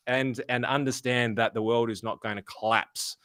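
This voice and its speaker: A man's voice: mid-range voice, fairly even intonation, moderate pace, a bit bright, dry recording, studio quality. An Australian man co-hosting a finance podcast, talking bluntly and swearing freely in casual chat. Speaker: podcast co-host.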